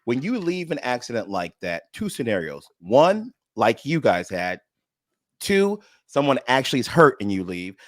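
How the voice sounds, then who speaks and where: Male radio co-host, lively delivery, dry studio sound, casual and jokey. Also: medium pitch, moderate pace, no echo. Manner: laughs loudly, says bro a lot.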